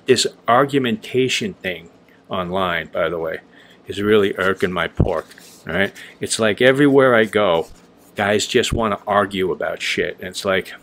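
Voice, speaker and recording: A man's voice: fairly low pitch, a little slow, fairly bright tone. A man talking casually on a vlog, blunt and rambling, swearing freely and filling gaps with "um" and "like". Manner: loose and rambling with many fillers. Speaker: vlogger honing straight razors.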